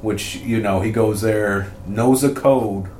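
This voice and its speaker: A man co-hosting a casual film-review podcast, relaxed and agreeable, laughing along. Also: fairly low pitch, slow, a little hiss or hum. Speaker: podcast co-host. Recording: echoey room.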